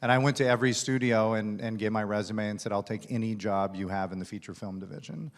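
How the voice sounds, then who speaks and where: This man talks fast in a lowish voice. Speaking as keynote guest at a conference, the studio executive tells a lengthy career story onstage, chatty and self-deprecating, with plenty of fillers.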